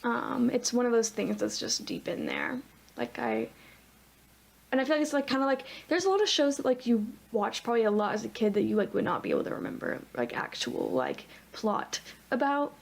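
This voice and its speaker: A woman's voice: a little high, huge pitch swings, a little fast, vocal fry. A young woman co-hosting a podcast in easygoing, rambling casual chat. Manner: easygoing, laughs often, rambling. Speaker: podcast co-host.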